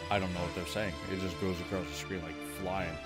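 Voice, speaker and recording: A man's voice: sits low, level tone, brisk. A man streaming a game, chatting casually with laid-back, chuckling asides over game music.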